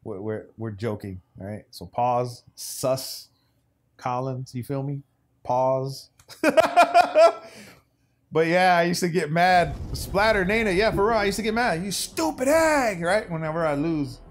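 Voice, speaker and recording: A young man streaming a game, chatting loosely with his viewers in slangy banter that swings from hype to low mutters. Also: normal speed. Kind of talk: casual gaming stream commentary.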